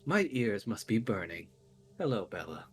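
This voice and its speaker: A smug vampire lord, as a man puts him on, cruel and theatrical. He speaks in a mocking, delighted tone that swings up high in places, over faint music. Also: sing-song, moderate pace.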